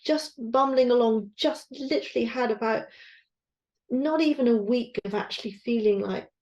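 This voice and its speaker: A woman's voice: fairly high pitch, normal speed, a little mellow, lo-fi sound. A woman co-hosting a podcast, talking candidly and searchingly, swearing and trailing off mid-thought. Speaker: podcast co-host, guesthouse owner. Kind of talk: candid casual chat.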